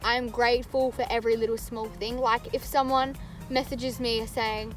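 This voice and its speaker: A woman's voice: a little high, little pitch movement, normal speed, soft background music. A young woman, chatting candidly to camera in a rambling vlog. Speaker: vlogger. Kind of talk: casual chat to camera.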